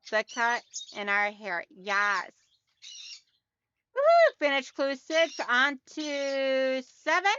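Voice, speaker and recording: A woman's voice: on the high side, bright, forceful tone, dull audio, a little hiss or hum. A woman hosting a casual quilting livestream, chatty and talking straight to her viewers as she reads out their comments.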